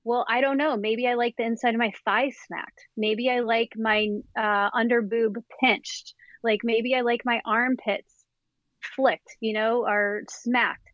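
Candid higher-voiced woman sexologist. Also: steady tone, fairly bright tone, no room sound. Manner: candid, enthusiastic, quick to laugh. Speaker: somatic sexologist guest. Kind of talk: frank instructional podcast talk. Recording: dry, dull lo-fi podcast audio.

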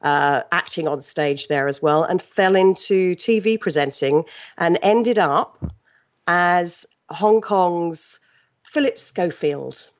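A middle-aged woman with an English accent, a guest telling stories in a lively, chatty way with many restarts. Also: lowish voice, slow. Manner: chatty, animated storyteller with frequent restarts and laughs. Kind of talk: casual interview chat.

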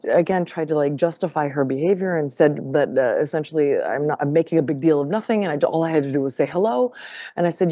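A woman guest on a podcast telling a personal story in casual conversation. She is animated, laughs often and repeats words as she goes. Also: low voice, no room sound, studio quality.

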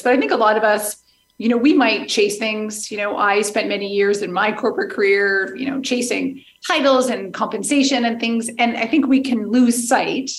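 A woman's voice: on the high side, reverberant. A woman guest speaking in a reflective, chatty way, poking fun at herself. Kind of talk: conversational interview talk.

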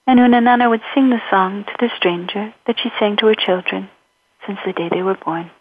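A woman storyteller telling a folktale in a rhythmic, repetitive way, with a husky voice. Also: mid-range voice, brisk. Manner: rhythmic, repetitive, sings short refrains. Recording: tinny phone-like recording.

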